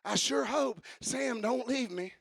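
A worried male deity murmurs his anxious pleas in a soft, hushed voice, as a preacher puts him on. The voice sits high and gravelly with a bright edge. It is recorded dry and close. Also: slow pace, no room sound, exaggerated voice. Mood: mock worry.

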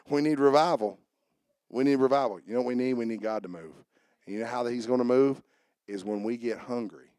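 A man's voice: medium pitch, a little fast, pauses often, a little mellow, dry recording, clean studio sound. A man preaching a sermon as pastor, fervently asking the congregation questions and answering them. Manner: preaching with rising fervor and call-and-response questions.

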